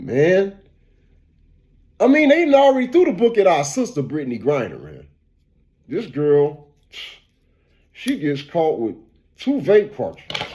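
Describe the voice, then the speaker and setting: A man who is a barber and vlogger, giving a casual, animated opinion rant and repeating "man" and "bro.". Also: mid-range voice.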